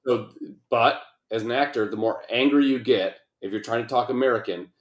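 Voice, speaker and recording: This co-host talks briskly in a medium-pitched voice over roomy sound, full of profanity, jokes and rambling in a relaxed podcast conversation.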